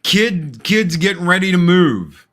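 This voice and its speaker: A man hosting a casual movie discussion, animated and acting out scenes in put-on voices. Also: high-pitched, unhurried. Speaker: podcast host.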